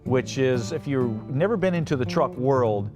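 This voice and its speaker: A man hosting a podcast in a casual monologue, often laughing and mocking quotes in a deep announcer voice. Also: expressive, normal speed, over music. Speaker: podcast host.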